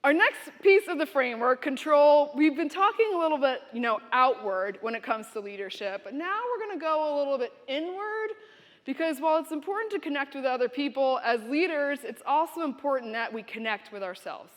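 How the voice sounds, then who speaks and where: High-voiced woman giving a keynote. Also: a little fast. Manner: storytelling, expressive, direct to audience. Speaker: keynote speaker. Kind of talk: motivational keynote speech. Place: university conference venue. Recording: long hall reverb.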